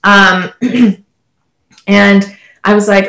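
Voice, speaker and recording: A woman's voice: medium pitch, level tone, moderate pace, fairly bright tone, echoey room. A woman from Canada in her thirties, a panelist telling her story in an earnest, conversational way with many "like" and "you know" fillers. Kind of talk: casual panel discussion.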